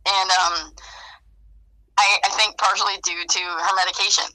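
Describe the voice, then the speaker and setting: A woman's voice: medium pitch, level tone, normal speed, bright, forceful tone, no room sound. Rambling woman on a phone call. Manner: rambling, tearful at times. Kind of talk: emotional phone conversation.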